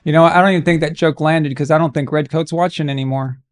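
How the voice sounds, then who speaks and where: A man with a fairly high voice hosts a live watch-along stream. He rambles through casual, joking banter that breaks into sudden loud outbursts. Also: steady tone, fast talker.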